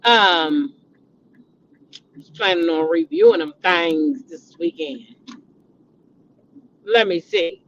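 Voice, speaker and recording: A woman's voice: fairly low pitch, big pitch swings, slow, pauses often, fairly bright tone, slight background noise. A middle-aged woman hosting a casual gossip chat. She talks animatedly, repeats names and breaks into dramatic exclamations. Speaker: host. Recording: dull lo-fi recording.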